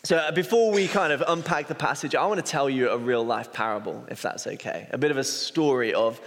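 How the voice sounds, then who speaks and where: A man's voice: mid-range voice, a little fast, a bit bright, a little hiss or hum. A man in his thirties, an associate pastor, telling a personal story in a chatty sermon and often correcting himself mid-sentence. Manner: chatty, self-correcting, anecdotal. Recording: long hall reverb.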